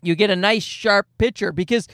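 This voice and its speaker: A man hosting his podcast alone from home, rambling through a jokey, sarcastic monologue with quick asides. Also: high-pitched, a bit bright, no echo, studio quality. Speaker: podcast host. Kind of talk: casual comedic monologue.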